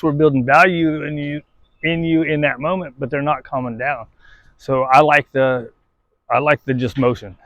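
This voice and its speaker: A man's voice: mid-range voice, fairly bright tone, no room sound, poor audio. A man, a dog trainer, giving casual, conversational training advice outdoors and often checking in with "right?". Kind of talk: casual instructional talk.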